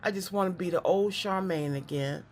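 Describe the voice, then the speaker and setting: Speaking at a moderate pace in a low-leaning voice, a woman does a psychic card reading to camera. Her delivery is animated and chatty, full of repeated words and stretches of preaching.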